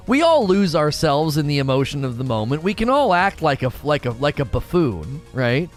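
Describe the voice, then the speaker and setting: A man's voice: a little high, moderate pace, hardly any pauses, soft background music. A man hosting a live gaming talk show, ranting with emphatic opinions. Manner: animated, emphatic opinion rant.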